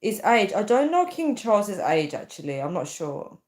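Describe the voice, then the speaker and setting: A young woman hosting a casual live stream, reading viewer comments aloud and thinking out loud with many fillers. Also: medium pitch, big pitch swings, moderate pace. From United Kingdom. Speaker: livestream host.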